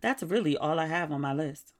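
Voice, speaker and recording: A middle-aged woman hosting a podcast, chatting casually in a candid, wry, animated way. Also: low voice, brisk. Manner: candid, wry and animated, with sudden quoted outbursts. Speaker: podcast host. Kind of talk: casual solo podcast chat.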